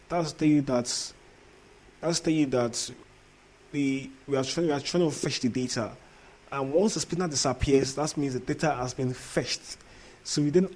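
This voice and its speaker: A man's voice: medium pitch, darkish tone. A man with an accent, teaching a coding tutorial while sharing his screen. He repeats himself and keeps asking if viewers understand. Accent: non-native English accent. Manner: repetitive, checks in often with "understand?". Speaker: coding instructor.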